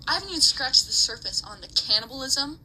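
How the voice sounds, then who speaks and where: A woman's voice: high voice, lively intonation, fast, bright, forceful tone, a little hiss or hum, low-quality recording. A woman giving an angry, emotional rant to camera, swearing often as she talks.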